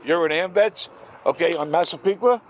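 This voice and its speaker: An older man, ranting angrily in a monologue and clearing his throat often. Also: on the high side, a little fast, a crowd in the background, low-quality recording. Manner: angry, rambling, repeats "what happens is this". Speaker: vlogger. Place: outdoors by a street. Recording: outdoor street noise.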